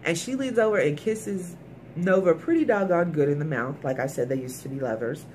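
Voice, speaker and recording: A woman's voice: low-pitched, fairly quick, a little mellow, slight background noise. A woman recapping a TV episode in a casual, emphatic way, talking straight to her viewers. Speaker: TV episode reviewer.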